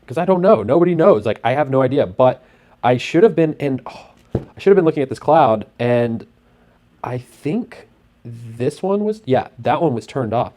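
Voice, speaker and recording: A man narrating casually over his screen as host, talking in an excitable, rambling way with lots of fillers. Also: medium pitch, moderate pace. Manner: acts out sound effects and his own thoughts.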